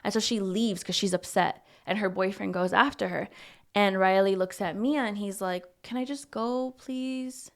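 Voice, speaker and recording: A young woman co-hosting a podcast, casually retelling a horror movie plot with lively acted-out lines and casual swearing. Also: medium pitch, moderate pace, gravelly. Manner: animated storytelling, acting out lines, swears casually. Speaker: podcast co-host.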